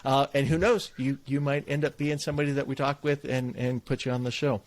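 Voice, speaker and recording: A man's voice: mid-range voice, steady tone, a little fast. A man in his forties co-hosting a casual podcast, rambling with restarts and laughs. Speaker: podcast co-host.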